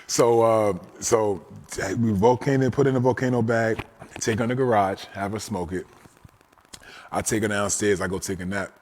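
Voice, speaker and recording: A man in his forties, a guest telling a personal story in a casual, animated way. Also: on the low side, normal speed, a little hiss or hum. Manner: animated storyteller, often says "you know what I'm saying".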